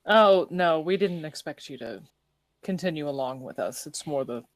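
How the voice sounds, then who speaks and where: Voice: medium pitch, animated, moderate pace, dry recording. A player in a tabletop game talking casually and explaining plans in a practical way.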